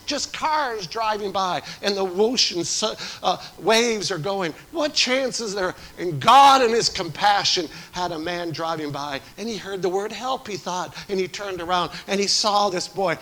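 A man preaching a sermon as pastor, swinging from loud to hushed. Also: sits high, expressive, unhurried, hardly any pauses, poor audio.

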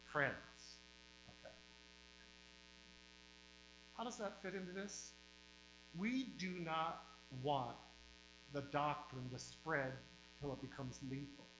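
Forceful, emphatic man preaching a sermon. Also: a little high, lively intonation. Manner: emphatic preaching with sudden swings in loudness and drawn-out words. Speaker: pastor. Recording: roomy, dull sound with faint mains hum.

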